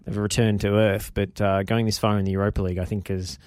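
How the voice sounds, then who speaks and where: A man's voice: lowish voice, flat delivery, fast talker, darkish tone, no room sound. A man co-hosting a casual football podcast with dry, teasing humor. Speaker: podcast co-host.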